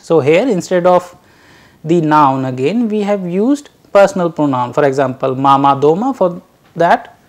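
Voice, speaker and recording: A man giving a recorded lecture, teaching slowly and deliberately and drilling short example phrases. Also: on the high side, expressive.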